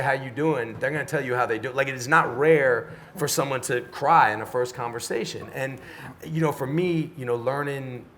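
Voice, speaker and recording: Animated, profane middle-aged storyteller man. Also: medium pitch, slight background noise. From Washington, D.C., USA. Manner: animated, profane storyteller who acts out dialogue. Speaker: podcast guest. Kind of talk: casual storytelling interview.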